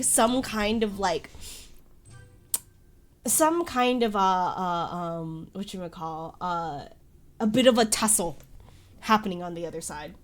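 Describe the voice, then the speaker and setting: A woman narrating as game master of a tabletop game, rambling with many fillers and laughing often. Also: medium pitch.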